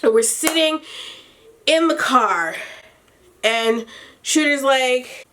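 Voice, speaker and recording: A woman telling a storytime vlog in a casual, animated way, swearing freely and laughing between lines. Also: high voice, slow. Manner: animated, profane, exasperated retelling. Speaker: storytime vlogger.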